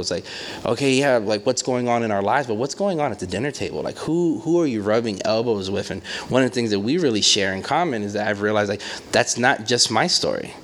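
A man preaching in a conversational way, telling stories with lots of fillers and playful acted quotes. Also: fairly low pitch. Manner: animated storytelling with acted quotes and many fillers. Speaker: pastor. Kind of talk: conversational sermon.

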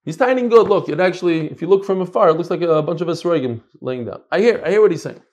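A middle-aged man teaching a casual Talmud class, animated and swinging between loud and soft. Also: fairly high pitch, fast.

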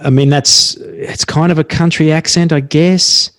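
A man's voice: on the high side, fairly even intonation, a little slow, a bit bright, dry recording. Laid-back Australian man, podcast host. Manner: laid-back, jokey, matey. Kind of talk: casual podcast interview.

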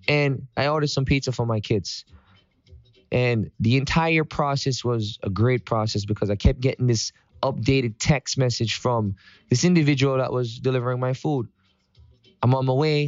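A man's voice: medium pitch, no room sound. Upbeat preachy man, dull dry sound. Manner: preachy and upbeat, with sung greetings. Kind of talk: motivational morning talk.

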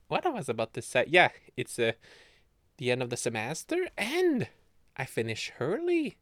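A man's voice: a little high, wildly swooping pitch, normal speed, fairly bright tone, no room sound, clean studio sound. A young man from Canada chatting on his podcast from bed, giggling often, rambling and swearing. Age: young adult. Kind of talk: casual solo chat.

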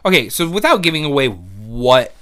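A man's voice: medium pitch, sing-song, normal speed, a bit bright, no echo. A man hosting a casual podcast, joking and playful, laughing often. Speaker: podcast host. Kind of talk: casual chat.

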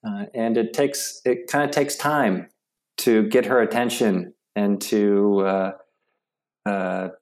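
A middle-aged man, a guest in an interview, telling stories haltingly with many restarts and fillers. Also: fairly low pitch, fairly even intonation, darkish tone. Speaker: interview guest, yoga practitioner. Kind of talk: casual storytelling interview.

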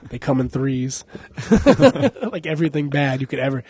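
A man's voice: medium pitch, very animated, moderate pace, darkish tone, breathy edge, no echo. A young adult man hosting a casual podcast, joking, cursing and laughing a lot. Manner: profane, joking, laughs often. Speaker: podcast host.

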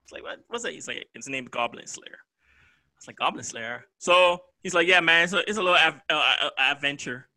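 A man's voice: fairly high pitch, fairly quick, no echo. A young man co-hosting an anime podcast, chatting casually and acting out his friends with laughter. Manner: animated, laughing, acts out quoted friends. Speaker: podcast co-host. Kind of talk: casual chat.

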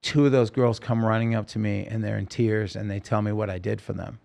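A man's voice: on the low side, flat delivery, a little fast, creaky, a little mellow. A man telling his story as a podcast guest, rambling and emotional, with many fillers. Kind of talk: casual storytelling interview.

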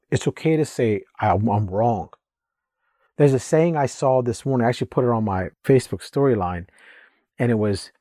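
A man in real estate talks straight to his audience in a casual advice monologue. His voice is mellow and slightly husky. He speaks bluntly and emphatically, almost preaching, and the recording is dry and close. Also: mid-range voice, no echo. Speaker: real estate agent and investor.

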